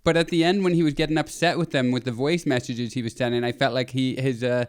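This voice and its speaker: Young male podcast co-host, mid pitch, smooth resonant tone, wry and relaxed. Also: fast. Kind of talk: casual chat.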